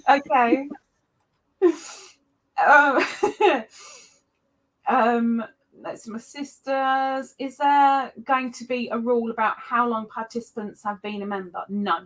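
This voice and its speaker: A woman's voice: slow pace, pauses often. Chatty woman hosting a livestream. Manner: chatty, greets viewers by name with excited high jumps. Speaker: livestream host. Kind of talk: casual livestream chat.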